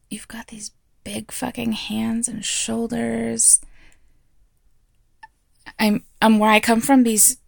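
A woman voicing a frank, playful teacher in an audio role-play, teasing and quick to laugh. She speaks slowly with a strongly gravelly, fried texture. The sound is close and dry, with no room around it. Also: medium pitch, dry recording. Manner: teasing, blunt, laughs often.

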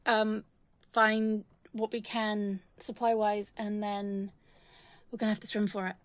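A young woman in an audio role-play addressed to the listener, halting and stammering, emotional, swearing often. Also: mid-range voice, no room sound.

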